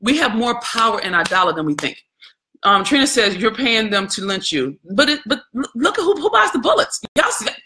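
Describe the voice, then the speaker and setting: A woman's voice: a little high, sing-song, fairly quick, pushed and bright. A woman hosting a live video, preaching with fervor in colloquial speech and reading viewer comments aloud between points. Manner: colloquial, addresses viewers as y'all. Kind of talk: impassioned live-stream commentary.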